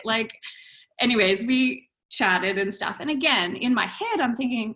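A woman and wellness coach, telling a story in a casual interview, animated and acting out her dialogue with frequent laughs. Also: on the high side, normal speed.

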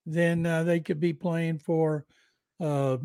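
A man's voice: on the high side, level tone, takes it slowly, dark tone, smooth, no room sound. An older man co-hosting a sports podcast, giving dry, matter-of-fact takes on football. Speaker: football writer and co-host.

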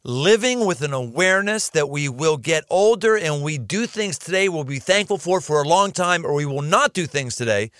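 A man hosting an interview, introducing his guest in an earnest, deliberate way. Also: a little high, lively intonation, a bit bright, clean tone, no room sound, clean studio sound. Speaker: podcast host. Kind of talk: casual interview.

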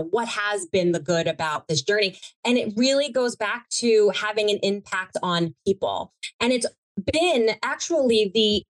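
A woman, a TV producer as guest, telling stories in a rambling, heartfelt way with many restarts. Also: medium pitch. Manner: rambling, self-correcting, emotional and heartfelt. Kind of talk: conversational storytelling interview.

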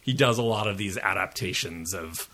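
Jet-lagged male podcast co-host, low-pitched, rambling and self-mocking. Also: moderate pace, creaky, bright, forceful tone, slightly rough. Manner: rambling, self-deprecating, many fillers. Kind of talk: casual pop culture chat.

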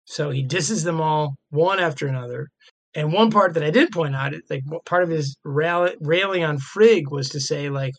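A man in casual podcast talk, retelling old myths and reading passages aloud, excited, with lots of "like" and "right". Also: fairly high pitch, moderate pace, gravelly. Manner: excited, laughing, many fillers like "like" and "right".

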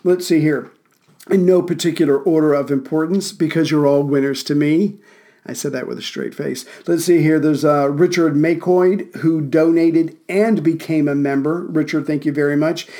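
A man's voice: a little high, fairly even intonation, moderate pace, dark tone. A man hosting a history podcast from Central Virginia, narrating events with dry, wry asides and thanking listeners casually.

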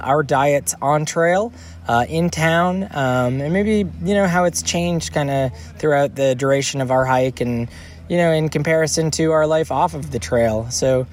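A man's voice: mid-range voice, slight background noise. A man hosting a casual podcast interview outdoors at a hiker hostel, upbeat and loose, laughing often. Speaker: podcast host.

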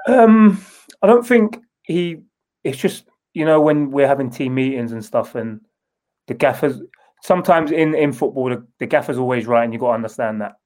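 A man's voice: medium pitch, moderate pace, a little mellow, low-quality recording. A man, a former footballer answering interview questions in a loose, rambling way with many restarts. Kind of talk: casual interview.

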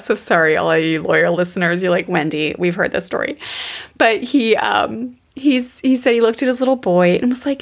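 A woman's voice: on the low side, moderate pace. A woman teaching parenting on a podcast, chatty and storytelling, often calling her listeners "guys". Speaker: parenting educator.

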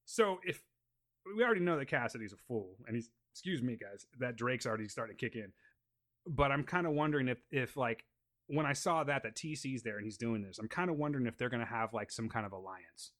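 A man's voice: mid-range voice, lively intonation, a little fast, fairly bright tone. A man hosting a casual podcast who jokes and rambles as he breaks down scenes from a show. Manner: laid-back, joking, rambling. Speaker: podcast host. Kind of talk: casual chat and episode breakdown.

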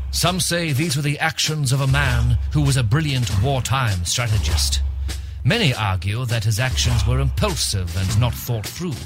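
An actor narrating a comedic audio drama in a grave, measured, mock-serious manner, addressing the listener directly. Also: male voice, mid-range voice, close to an everyday voice. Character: solemn, mock-serious male storyteller. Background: music.

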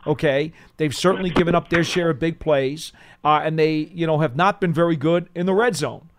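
A man co-hosting a sports call-in radio show, giving steady, analytical answers. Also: a little high. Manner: measured analytical.

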